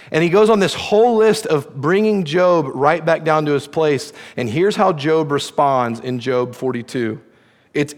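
A man preaching a sermon as pastor, animated and playfully sarcastic as he retells a story. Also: mid-range voice, long reverb tail. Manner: animated, playful sarcasm when quoting God.

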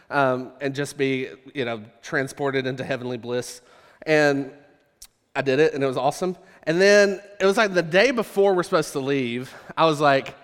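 Male pastor, humorous storyteller, higher voice, lots of hall reverb. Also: a bit bright, smooth. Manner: humorous, self-deprecating storyteller. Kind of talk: storytelling sermon.

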